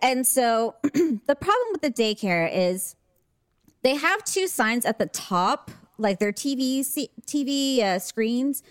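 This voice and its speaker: A woman's voice: high voice, slow, clean tone, no room sound, studio quality. A middle-aged woman co-hosting a podcast, telling a story in casual chat and acting out the quoted dialogue. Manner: animated, acts out quoted dialogue.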